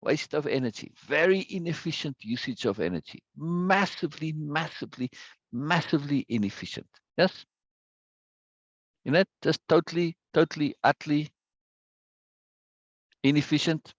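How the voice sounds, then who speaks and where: A man's voice: on the high side, expressive, normal speed, long pauses, no echo, dull audio. A man teaching a live online self-help course, stressing points by repeating words and reading viewers' chat aloud. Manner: greets viewers by name from chat.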